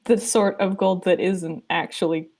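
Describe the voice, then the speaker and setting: A woman's voice: lowish voice, fairly even intonation, a little slow, darkish tone, breathy edge. A woman co-hosting a podcast, chatting casually with wry, playful interjections. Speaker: podcast co-host, listener of the story. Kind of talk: casual banter.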